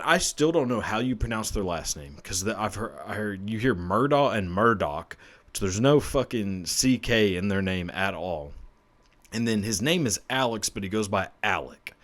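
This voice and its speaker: Crude rambling man, lively pitch. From Texas. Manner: profane, rambling, laughs at own jokes. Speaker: podcast host. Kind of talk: crude comedic true-crime chat.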